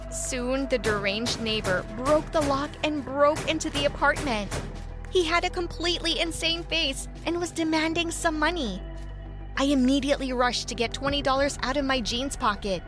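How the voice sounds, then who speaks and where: A woman narrating a first-person story in an animated way, acting out the characters' lines. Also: high voice. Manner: animated, voices characters in quotes. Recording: soft music behind.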